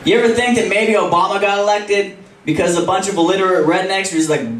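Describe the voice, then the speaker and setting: A man's voice: high voice, steady tone, fast, fairly bright tone, a little hiss or hum. A young man doing a stand-up set, crude and self-mocking, laughing through his punchlines. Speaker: stand-up comedian. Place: comedy club stage. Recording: roomy club, distant mic, audience laughing. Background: audience laughter.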